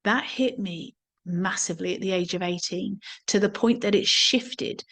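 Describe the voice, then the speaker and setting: A woman gives a reflective talk on somatic awareness, her voice sitting at an ordinary middle pitch. She speaks earnestly and doubles back on words now and then as she gathers her thoughts. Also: moderate pace, vocal fry, a bit bright. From England. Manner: earnest, repeats words while thinking. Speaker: somatics teacher.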